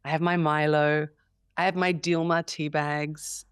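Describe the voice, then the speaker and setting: A woman's voice: sits low, little pitch movement, unhurried, smooth, dry recording, clean studio sound. A woman in her forties with an Australian accent, chatting as an interview guest, laughing often and acting out quotes. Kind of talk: casual interview chat.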